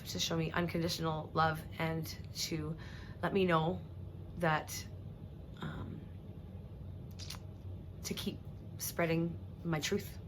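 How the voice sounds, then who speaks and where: Emotional woman talking to her followers, heartfelt and halting, faint hiss behind. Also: on the low side, a bit bright. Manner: earnest, heartfelt, halting with restarts and throat-clearing. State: emotional, near tears. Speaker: vlogger. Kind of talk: emotional personal address to viewers.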